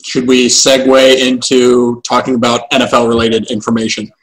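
A man's voice: medium pitch, monotone, normal speed, rough recording. A man co-hosting a casual podcast chat, reacting to stories and making wry, dry asides.

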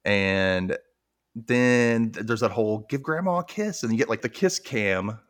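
A man's voice: mid-range voice, unhurried, no echo, studio quality. A young man hosting a podcast, recapping a show in casual chat and acting out scenes. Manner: animated, acts out scenes in silly voices. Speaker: podcast host.

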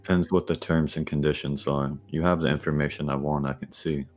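Very deep-voiced male player. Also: fairly even intonation, fairly quick, soft background music. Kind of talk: playing a tabletop game.

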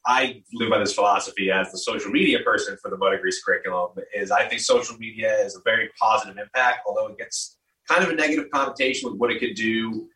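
A man's voice: lowish voice, fast talker, pushed and bright, echoey room, distant mic, poor audio. A man who runs social media for an education program, explaining his views earnestly in a casual conversation.

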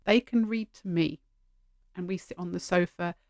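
A middle-aged woman hosting a solo podcast, talking in an animated, heartfelt way from behind a microphone at home. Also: on the low side, normal speed, no echo, clean studio sound. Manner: animated, heartfelt, gently emotional. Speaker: podcast host. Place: sitting at home. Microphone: studio microphone.

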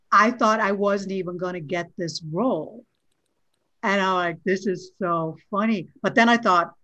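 Lively middle-aged actress, dry dull sound. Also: female voice, mid-range voice, normal speed, dry recording. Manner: lively, acts out quoted dialogue. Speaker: actress, interview guest. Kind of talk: casual storytelling interview.

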